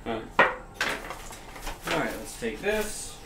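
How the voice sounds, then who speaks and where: A man's voice: mid-range voice, sing-song, slow pace, creaky, very noisy. A young man co-hosting a casual live stream, laid-back and handing out practical pointers. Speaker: streamer co-host. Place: studio room being painted. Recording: roomy echo.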